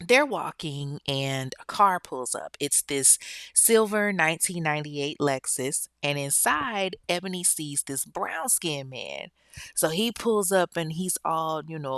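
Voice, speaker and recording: A woman's voice: sits low, animated, measured pace, a bit bright, no echo, clean studio sound. A woman hosting a podcast, telling a true-crime story in a casual, blunt and profane way, with frequent asides to listeners. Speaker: podcast host.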